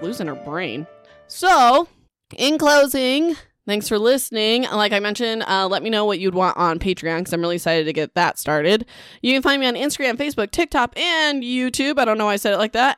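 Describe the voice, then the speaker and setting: A woman's voice: medium pitch, fairly bright tone. A young woman hosting a casual book-recap podcast from home, chatty and rambling, with lots of "like" fillers.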